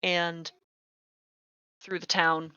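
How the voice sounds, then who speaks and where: A man narrating a tabletop game as game master, halting with many fillers. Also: on the high side, little pitch movement, sharp tone, smooth, no room sound. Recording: dull lo-fi mic.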